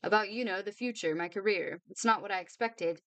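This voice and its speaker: A woman's voice: mid-range voice, a little fast, a bit bright, no echo, close to an everyday voice. A woman doing a glum young man.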